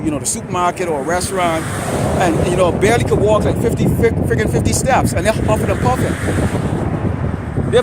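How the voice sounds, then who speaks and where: A high-pitched male voice delivers a heated, profane street sermon straight to the camera. He rants rather than speaks calmly. Steady traffic noise from the road around him is heard clearly in the outdoor recording. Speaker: street preacher.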